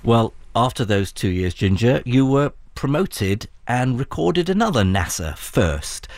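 A man hosting an interview, asking measured, attentive questions. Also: medium pitch, big pitch swings, darkish tone.

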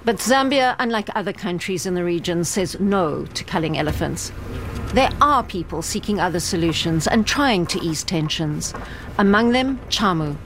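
Woman reporter, steady news narration. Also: on the low side, a little hiss or hum. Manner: measured, clear storytelling.

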